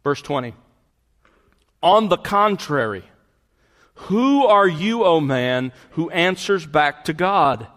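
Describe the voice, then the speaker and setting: A man's voice: a little high, animated, slow pace, a bit bright, in a large hall. A man preaching a verse-by-verse sermon, stressing key words and repeating phrases for emphasis. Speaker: pastor. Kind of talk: expository sermon.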